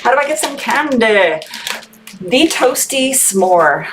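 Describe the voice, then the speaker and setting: A Texas woman and military veteran hosts a lively live-stream sale for her candy shop, chatting and thanking viewers by name. Her voice is on the high side and animated, moving at a moderate pace over background noise.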